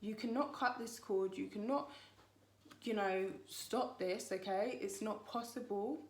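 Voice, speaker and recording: A woman's voice: medium pitch, a little slow. Chatty woman tarot reader, echoey room. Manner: chatty, rambling, reassuring. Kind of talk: spiritual tarot reading.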